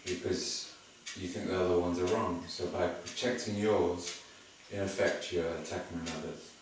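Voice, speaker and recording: A man's voice: low-pitched, fairly even intonation, moderate pace. A man ranting to the camera, full of profanity. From England. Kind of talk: monologue to camera. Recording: echoey room, far from mic, noisy.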